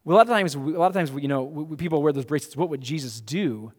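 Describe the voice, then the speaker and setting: Pastor, male, slightly high voice, casual emphatic preaching with restarts, long church reverb. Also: rapid-fire, a little mellow. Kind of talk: sermon. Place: church sanctuary.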